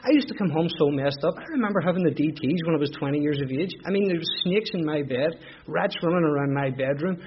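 A middle-aged man with a Belfast accent tells his own story as candid, emotional testimony, circling back on phrases. His voice sits slightly high for a man. The recording is dull and lo-fi, with a faint hiss underneath. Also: fast talker. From Northern Ireland. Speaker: speaker sharing his recovery story. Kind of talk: personal testimony.

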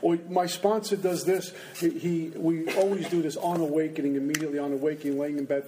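A man's voice: a little high, fairly even intonation, a little fast, background noise. A man speaking at a recovery meeting, telling humorous, self-mocking stories to a live audience and acting out his inner voices. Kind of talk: storytelling talk to a live audience. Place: indoor meeting room with an audience.

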